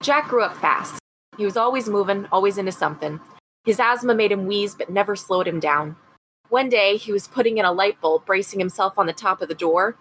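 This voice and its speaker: A woman's voice: mid-range voice, fairly quick, a bit bright, slight background noise, close to an everyday voice, rough recording. A woman reading aloud as a working-class mother from upstate New York, trying a Rochester accent. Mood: wistful. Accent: Rochester, upstate New York (imitated). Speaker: podcast co-host.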